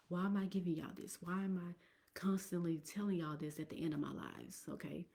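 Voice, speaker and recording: A woman's voice: on the low side, expressive, brisk, creaky, dark tone. A woman hosting a casual business live stream, talking straight to viewers in a chatty way and sometimes dropping to a whisper. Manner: chatty, addresses viewers directly, drops into whispers.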